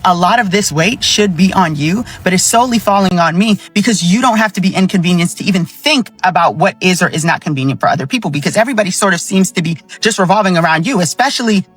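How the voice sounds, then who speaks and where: A man's voice: high-pitched, fairly bright tone, slightly rough. A man giving a pointed, sardonic commentary to camera, with some swearing. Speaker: social media creator.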